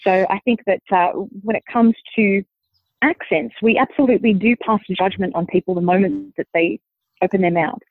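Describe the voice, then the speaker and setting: A woman with a softened Australian accent, a linguist guest explaining her views in a measured, thinking-aloud way. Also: medium pitch, steady tone, dry recording. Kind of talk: conversational interview answer. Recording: dry tinny phone-like line.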